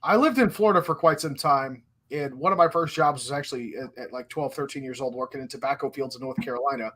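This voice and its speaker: A man's voice: mid-range voice, fast, bright, forceful tone. A man co-hosting a podcast in casual chat, blunt, opinionated and profane. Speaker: podcast co-host.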